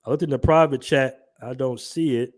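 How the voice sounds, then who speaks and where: This livestream host is a young Southern man with an African American Vernacular English accent and a mid-range voice that's brisk and a little mellow. He jokes around in slang-heavy, relaxed talk while reading viewers' chat messages aloud.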